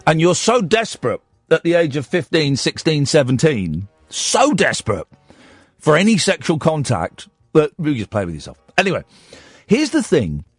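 A man's voice: a little high, dry recording. A man hosting a late-night radio phone-in, playful and rambling as he jokes with a caller. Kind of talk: late-night call-in chat. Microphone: studio microphone.

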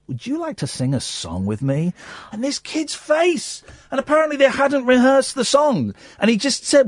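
A male radio host with a slightly husky voice, speaking close to a dry studio mic. He tells stories with lively swings in pitch. He mimics people and drops to a soft hush in tender moments. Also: moderate pace, no room sound. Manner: animated storytelling, mimics people, drops to soft quiet tones when moved. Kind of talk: casual radio chat. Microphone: studio microphone.

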